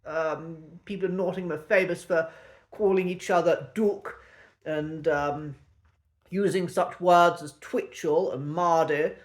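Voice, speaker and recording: An English man with a posh Received Pronunciation accent, talking to camera in a measured, precise way with frequent pauses and ums. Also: on the high side, steady tone. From England. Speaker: accent teacher and channel host. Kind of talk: reflective solo talk to camera.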